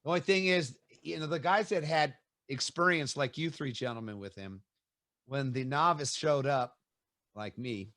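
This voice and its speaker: A middle-aged man hosting an interview, telling stories in a lively way and acting out quotes with laughs. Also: medium pitch, normal speed, no echo, studio quality. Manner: animated storyteller, acts out quotes with laughs. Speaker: host. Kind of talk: casual storytelling interview.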